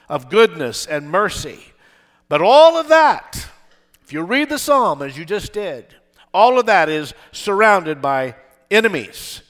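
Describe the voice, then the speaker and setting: An older pastor preaches emphatically to his congregation in a church with a balcony, often asking them to respond. His voice is on the high side with a sharp tone.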